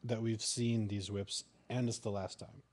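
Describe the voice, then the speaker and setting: A man co-hosting a casual podcast, talking in a relaxed, rambling way with many fillers. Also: lowish voice, a little slow. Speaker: podcast co-host. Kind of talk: casual chat.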